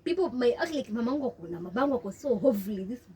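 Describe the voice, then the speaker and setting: A young Kenyan woman with a Kenyan accent, telling her story in an interview and mixing English and Swahili in an animated way. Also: fairly high pitch, racing, recorded from a distance. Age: young adult. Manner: switches between English and Swahili, animated, laughs often. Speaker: interview guest.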